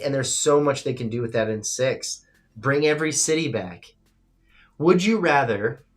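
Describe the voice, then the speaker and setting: A man hosting a live-streamed show, chatting casually, reading viewer comments and giving loose, opinionated takes with free swearing. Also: mid-range voice. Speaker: livestream radio show host.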